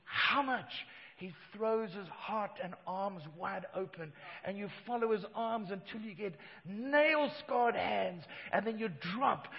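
A middle-aged man preaching a sermon, swinging between loud emphatic lines and hushed ones. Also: high voice, creaky. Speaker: pastor. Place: church hall. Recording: dull church hall reverb.

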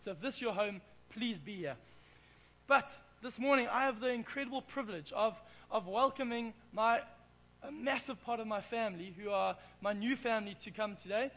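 A man's voice: sits high, normal speed, bright, forceful tone, lo-fi sound. An Englishman preaching in church, telling a self-deprecating, playful story. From England. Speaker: pastor. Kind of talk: sermon with humorous storytelling.

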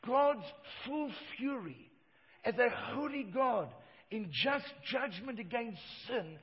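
Middle-aged male pastor, emphatic sermon delivery; high-pitched, recorded dull with long hall reverb. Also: lively intonation, slow. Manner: emphatic preaching, swings from loud to hushed. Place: church hall.

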